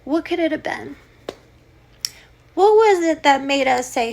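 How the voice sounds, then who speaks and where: Sarcastic high-pitched woman ranting. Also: animated, a little slow, vocal fry, pauses often, darkish tone. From United States. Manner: sarcastic, combative, talks straight at the listener. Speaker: podcast host and comedian. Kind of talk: ranting comedic monologue.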